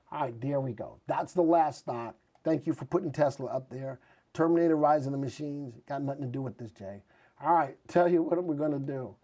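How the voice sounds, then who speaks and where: Guy hosting a live stock show, kinda high warm voice, chatty, reads viewer picks off the screen. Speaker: market news host. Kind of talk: live stock chart commentary.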